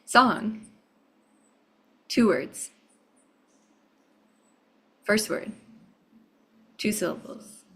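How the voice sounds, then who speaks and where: A woman's voice: medium pitch, expressive, very slow, long pauses, husky, low-quality recording. A woman playing a guessing game, calling out single-word guesses one by one. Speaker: game player.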